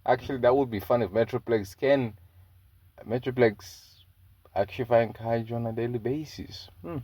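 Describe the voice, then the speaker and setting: A man's voice: mid-range voice, normal speed, warm tone, breathy edge, dry recording. A man telling a fan-made story in a rambling, slangy way, with many fillers.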